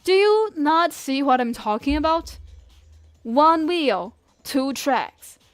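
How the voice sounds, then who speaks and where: A woman streaming a game, talking excitedly, laughing and reading the dialogue aloud. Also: high-pitched, slow pace, faint music behind. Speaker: gaming streamer. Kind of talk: excited gameplay commentary.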